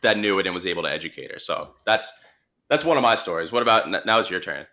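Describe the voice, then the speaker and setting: A young man with a Long Island accent, telling a work story in a relaxed, chatty way, with lots of restarts and fillers. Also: sits low, fast. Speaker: marine mammal responder. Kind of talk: casual storytelling conversation.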